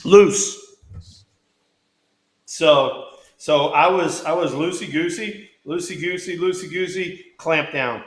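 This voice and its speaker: A man's voice: fairly high pitch, measured pace, hardly any pauses, fairly bright tone. A middle-aged man, co-host and former hitter, chatting casually in a blunt, profane, rambling way. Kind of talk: casual podcast chat. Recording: roomy echo.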